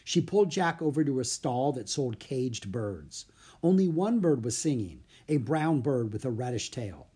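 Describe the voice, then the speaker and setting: Expressive, husky storybook narrator. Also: medium pitch, moderate pace. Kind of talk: scripted storybook reading.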